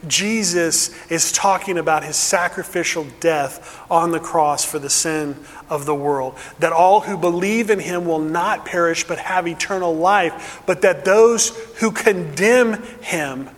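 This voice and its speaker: A male pastor preaching a sermon earnestly, dropping to a hush and then building with emphasis. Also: on the high side, long reverb tail.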